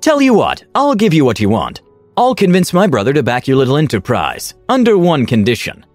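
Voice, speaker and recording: Flashy flirty rich merchant guy, pitched way up and swooping around, a man doing the voice. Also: huge pitch swings, a little fast, no room sound, soft background music. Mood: gleeful. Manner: theatrical, gushing, playful. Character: flamboyant flirtatious rich male aasimar merchant.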